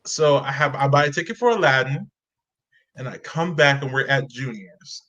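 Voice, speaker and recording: A young man, a guest on a video call, telling animated stories and acting out the voices of people in them. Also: medium pitch, normal speed, muffled recording. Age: young adult. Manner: lively, acts out voices in his stories. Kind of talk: animated storytelling.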